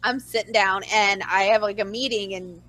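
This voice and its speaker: A woman's voice: mid-range voice, normal speed. A woman co-hosting a podcast, telling a story in casual chat and acting out the dialogue with animation. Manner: animated, acts out dialogue in her stories. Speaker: podcast co-host.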